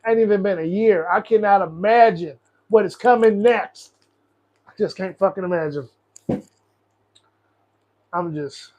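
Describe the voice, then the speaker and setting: A man's voice: high-pitched, normal speed, long pauses, warm tone, dull audio. A young man hosting a casual political livestream, ranting in a profane, frustrated, rambling way. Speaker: host.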